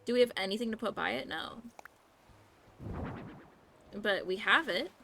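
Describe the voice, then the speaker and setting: A woman's voice: medium pitch, lively intonation, measured pace, creaky, sharp tone, slight background noise. A young woman streamer chatting casually and rambling while she plays a game. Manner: chatty, bubbly, slangy, rambling with fillers. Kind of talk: casual live-stream chat while gaming.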